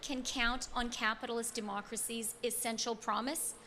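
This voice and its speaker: A woman politician with a fairly high voice delivers a formal prepared speech. She speaks in a measured, rhetorical way, posing broad questions. A faint hiss sits behind her voice. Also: flat delivery, sharp tone.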